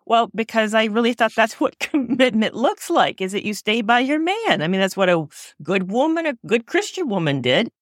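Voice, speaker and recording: A woman's voice: fairly high pitch, big pitch swings, normal speed, no room sound, studio quality. A woman in a reflective conversation, talking in an earnest, searching way and often correcting herself mid-sentence.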